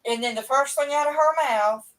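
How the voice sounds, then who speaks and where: A woman's voice: high-pitched, fairly quick. Chatty middle-aged woman on webcam. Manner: chatty, rambling, folksy. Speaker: livestream host. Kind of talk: casual chat to viewers. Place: at home indoors. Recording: voice a bit far from the mic.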